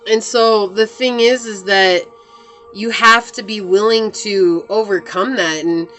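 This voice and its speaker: A woman's voice: medium pitch, fairly even intonation, a little slow, fairly bright tone, soft background music. A woman reading tarot cards to camera in a casual, earnest way, full of "like" fillers. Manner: chatty and earnest, many "like" fillers. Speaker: tarot reader.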